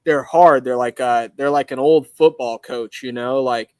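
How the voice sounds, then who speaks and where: A laid-back man with an Arizona accent speaks as a guest over a video call from his welding shop. He talks in a loose, rambling way, full of fillers, at an ordinary pitch. The sound is dry and close. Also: fairly even intonation, measured pace, darkish tone, smooth, no room sound. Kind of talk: casual interview chat.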